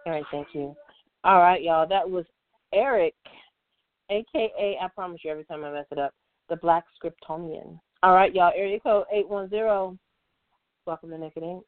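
A woman's voice: fairly low pitch, moderate pace, no echo. A woman hosting a call-in open mic show, greeting callers in a friendly, chatty, casual way. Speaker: radio call-in show host. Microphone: phone. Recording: tinny, dry phone line.

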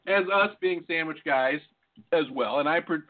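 Brief: high-pitched male co-host, jokey rambling banter, tinny phone-like sound. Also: normal speed. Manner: joking, rambling. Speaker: podcast co-host. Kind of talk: casual banter. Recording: phone-like lo-fi audio.

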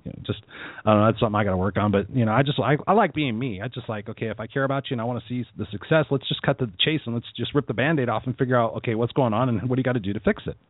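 A man's voice: mid-range voice, no room sound. A man hosting a casual interview chat, blunt and emphatic in how he talks. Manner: blunt, emphatic, fast-talking. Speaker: podcast host. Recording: tinny phone-line audio, dry.

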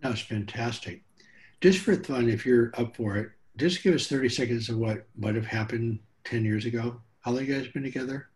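A man's voice: medium pitch, moderate pace, a little mellow. Curious candid male podcast host. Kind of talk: podcast interview.

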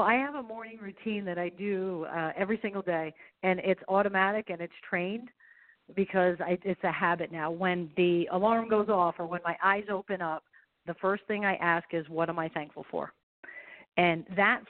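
A middle-aged woman, a golf professional and speaker, talking as an upbeat, motivational radio interview guest. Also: on the low side. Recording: tinny phone line.

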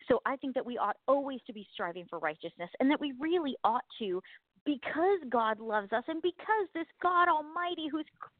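Bubbly high-voiced woman on a thin line. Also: no echo, phone-quality sound. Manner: chatty, animated, self-deprecating with laughs. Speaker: podcast co-host. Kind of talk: casual faith chat.

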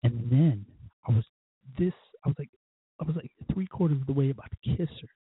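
A man's voice: medium pitch, a little fast, breathy edge, no room sound, phone-quality sound. A man hosting a show, telling a first-date story in a rambling, profane, self-mocking way. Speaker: podcast host. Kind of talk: casual storytelling monologue.

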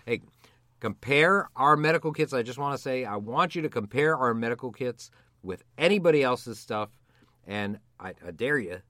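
A man's voice: mid-range voice, expressive, normal speed, bright, forceful tone. An older man, a doctor co-hosting a podcast, talking in a hammy, theatrical, joking way. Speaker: podcast co-host, medical doctor. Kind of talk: playful podcast banter and promo pitch.

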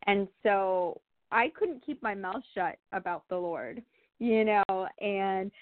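A woman chats through a personal story in an animated way. She laughs often and uses many fillers. Her voice comes over a thin, phone-like line with a dry sound. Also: medium pitch, takes it slowly, dry recording. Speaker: guest sharing testimony. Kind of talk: casual testimony chat.

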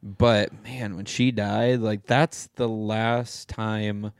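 A man's voice: fairly low pitch, level tone, extremely slow, clear, resonant tone, no echo, clean studio sound. A man in his thirties co-hosting a podcast, chatting candidly and laughing easily. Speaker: podcast co-host. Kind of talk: casual chat.

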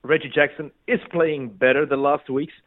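A man from Belgium with a Flemish accent, Dutch his first language, joining a sports podcast as a guest and talking eagerly with halting restarts. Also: on the high side, steady tone. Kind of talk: casual sports podcast chat. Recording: tinny phone-like line.

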